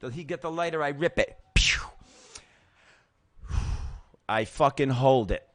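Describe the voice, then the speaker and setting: On his own show, a middle-aged man relays a personal recovery story casually, emotionally and profanely, voicing the other characters as he goes. He speaks a little fast in a mid-range voice, and the clean studio sound has no room tone.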